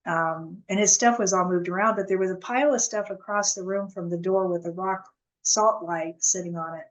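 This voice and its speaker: A woman as an interview guest, telling her story earnestly in a halting, casual way with many restarts. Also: lowish voice, low-quality recording.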